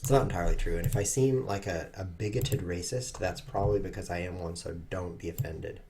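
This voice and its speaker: A man's voice: sits low, a little fast, darkish tone, slight background noise. A man giving rambling, self-mocking live commentary while he plays online chess at his computer. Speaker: chess streamer.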